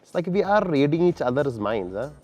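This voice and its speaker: A man's voice: fairly high pitch, sing-song, brisk, darkish tone, faint music behind, voice pushed up. A man voicing a chummy, emotional male interviewer who keeps tacking on "huh?". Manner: chatty, keeps adding "huh?" and "bro".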